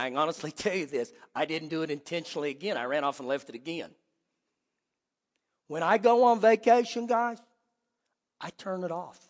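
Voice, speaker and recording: A man preaching a sermon as pastor, telling lively stories and acting out quoted voices. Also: sits high, big-room sound. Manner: animated storytelling with quoted voices. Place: church sanctuary.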